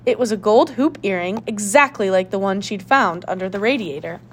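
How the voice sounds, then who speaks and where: A woman narrating a children's mystery audiobook with clear, steady storytelling. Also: mid-range voice, a little fast, slight background noise.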